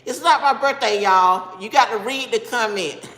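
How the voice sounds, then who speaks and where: A woman's voice: fairly high pitch, moderate pace, few pauses, a bit bright, faint music behind. A woman hosting a casual live stream, talking straight to her viewers and bluntly scolding the commenters. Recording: echoey room with long reverb.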